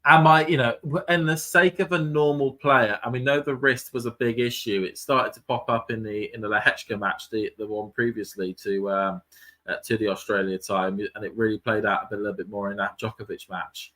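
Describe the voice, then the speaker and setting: A British man co-hosts a tennis podcast stream, talking loosely and filling pauses as he thinks aloud. His voice is bright and forward, with an easygoing chatty flow. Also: fairly low pitch, steady tone. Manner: chatty, loose, with frequent fillers. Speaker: podcast co-host. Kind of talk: casual live watchalong chat.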